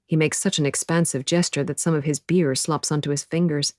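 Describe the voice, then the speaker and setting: A woman narrating an audiobook in the first person, measured and quiet. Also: low-pitched, steady tone, no echo, clean studio sound.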